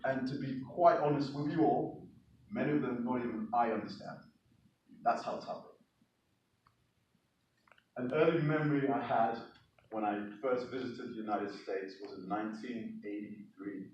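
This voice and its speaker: A man's voice: medium pitch, moderate pace, pauses often, darkish tone, lo-fi sound. An Englishman tells stories to a live audience, chatty and asking the crowd questions. He is heard from far away in a very echoey hall, with faint ambient noise behind him. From England. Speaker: speaker. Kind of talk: storytelling speech to an audience.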